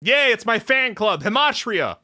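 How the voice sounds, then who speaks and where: Excited southern dude streaming, bright voice, bounces all over, faint music. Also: male voice, high-pitched, normal speed. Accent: American Southern. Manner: excitable, jokey, often shouting. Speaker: VTuber streamer. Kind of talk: casual livestream commentary.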